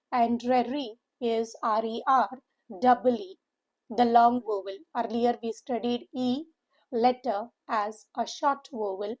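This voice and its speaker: A woman with an Indian English accent teaching English vocabulary, deliberately spelling out sounds, syllables and stress. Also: a little high, a little mellow, low-quality recording. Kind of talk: vocabulary lesson.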